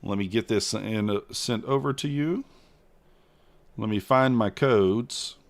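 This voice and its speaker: A man hosting a casual trading livestream, chatting with viewers and reading their messages in a relaxed way. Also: on the low side, takes it slowly.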